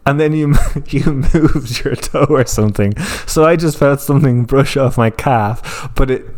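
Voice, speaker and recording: A man's voice: mid-range voice, normal speed, a little mellow. A man co-hosting a casual chat, telling stories animatedly and laughing often. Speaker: podcast co-host.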